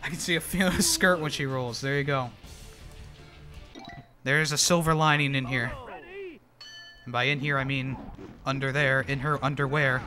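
A young man streaming a video game live, swearing and venting his frustration in loud outbursts. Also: mid-range voice, fairly even intonation, moderate pace, pauses often, over music. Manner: exasperated, swearing, frequent outbursts. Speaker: gaming streamer. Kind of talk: live gameplay commentary.

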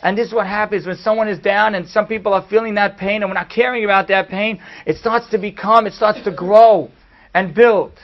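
A man, a rabbi giving a class, telling a story in an animated way that swings from hushed to loud. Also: high voice, fairly quick. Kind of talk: storytelling lecture. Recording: dull lo-fi recording.

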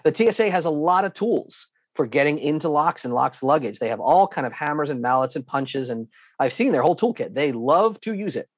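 A man giving an online lesson with slides, talking in a lively, emphatic way, acting out airline staff and repeating himself for emphasis. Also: fairly high pitch, fairly quick, no echo, studio quality. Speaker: guest instructor.

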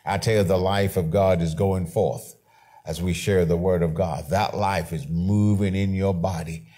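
A middle-aged male pastor preaching a sermon with emphasis, slowing down to read scripture and repeating key phrases. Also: low-pitched, steady tone, dark tone. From Canada.

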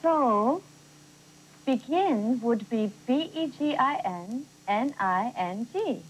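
A woman's voice: fairly high pitch, animated, slow, slight background noise, rough recording. An actress playing an earnest adult woman learning spelling, in a scripted educational TV lesson. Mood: curious.

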